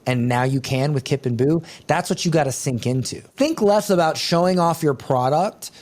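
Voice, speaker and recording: A blunt, pushy man coaches a business owner, firing quick questions and pressing for more. His voice sits a touch high for a man, and he mixes jokes with hard advice. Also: a little mellow. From United States. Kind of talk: live coaching call.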